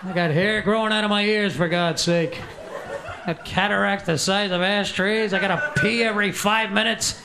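A man's voice: sits high, steady tone, normal speed. A man putting on a grumpy old football ref. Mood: grumbling. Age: older. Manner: crude, complaining, gravelly grumbling. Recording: live audience laughter and room noise.

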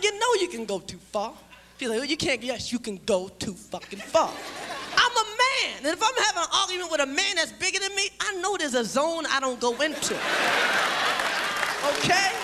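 Loud high-voiced stand-up comic man. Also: sing-song, normal speed. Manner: loud, profane, shouting punchlines. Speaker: stand-up comedian. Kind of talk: stand-up comedy routine. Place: live comedy venue with audience. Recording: loud crowd and noisy live recording. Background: crowd laughing.

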